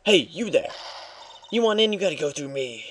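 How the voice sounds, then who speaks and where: A man's voice: on the high side, sing-song, moderate pace, a bit bright, a little hiss or hum. A man voicing a bossy, gossipy old woman security guard in a video game read-through, talking in a nagging, self-important way.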